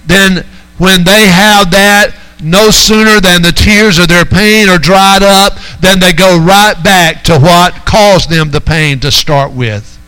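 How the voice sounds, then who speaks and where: A man's voice: sits high, slow pace, bright, forceful tone, clean tone, rough recording. A man preaching a sermon as pastor, driving his points home and calling out to the congregation. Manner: preaching with rising emphasis and call-outs to the congregation.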